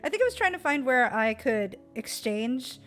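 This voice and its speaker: A woman's voice: high voice, sing-song, normal speed, a bit bright, soft background music. A young American woman streamer chatting casually about a trip, giggly and full of fillers. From United States.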